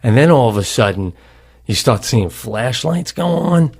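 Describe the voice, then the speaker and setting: A man on a comedy podcast tells a long story at a casual pace. His voice sits at an ordinary pitch, and he rambles, swears freely and trips over his own restarts as he builds it up. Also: lively intonation, moderate pace, vocal fry, darkish tone, slightly rough. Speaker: podcast co-host.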